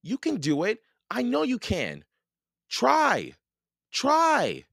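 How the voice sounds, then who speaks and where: A man's voice: on the high side, measured pace, sharp tone, clean tone, no echo, clean studio sound, voice pushed up. A man voicing an anxious, determined young boy in a storybook, urging and encouraging. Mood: urgent. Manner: urgent, encouraging.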